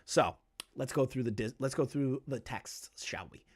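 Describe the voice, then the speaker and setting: A man's voice: mid-range voice, moderate pace, husky. A man talks on a live stream with an angry, emphatic edge. He curses freely and repeats himself to drive his points home. He reads messages aloud, then tears into them. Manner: heated, profane and repetitive, hammering points home. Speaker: streamer commenting on online drama.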